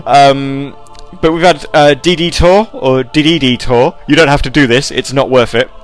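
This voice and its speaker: A man hosting a casual live radio show, rambling and animated as he reads chat messages and tells stories. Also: medium pitch, moderate pace, soft background music.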